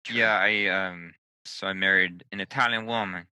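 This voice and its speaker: A man's voice: low voice, steady tone, moderate pace, sharp tone, smooth, no room sound, rough recording. A man co-hosting a podcast in casual discussion, often stammering and repeating words as he speaks. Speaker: podcast co-host.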